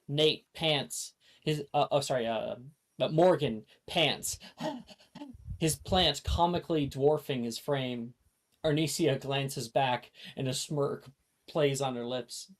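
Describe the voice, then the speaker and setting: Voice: medium pitch, takes it slowly. A game master narrating a tabletop game casually, with fillers and laughs.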